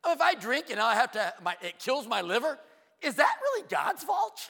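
A middle-aged male pastor preaching with a lively, swooping high voice that turns gravelly in places. He throws out rhetorical questions and quick asides, then drops low for emphasis. The sound carries the long reverb of a church hall. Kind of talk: sermon. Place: church sanctuary.

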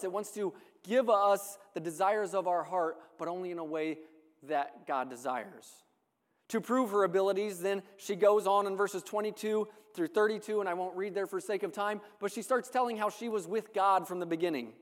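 A man's voice: sits high, normal speed. A man preaching a sermon in a church, earnest and building on repeated phrases. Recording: long reverb of a large hall.

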